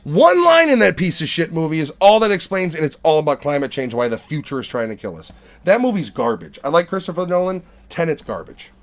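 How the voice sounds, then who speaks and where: A man's voice: on the high side, very animated, brisk. A man hosting a podcast, ranting in casual, profane chat. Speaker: podcast host.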